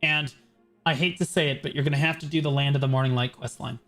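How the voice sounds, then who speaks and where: A male streamer with a fairly high voice explains game mechanics in a brash, blunt rush. He swears freely and keeps checking in with "okay" between points. Faint game music plays behind him. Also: fairly even intonation, fairly bright tone. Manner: brash, profane, explains in quick bursts with many "okay"s. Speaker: streamer giving a game gearing guide. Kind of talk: casual livestream commentary.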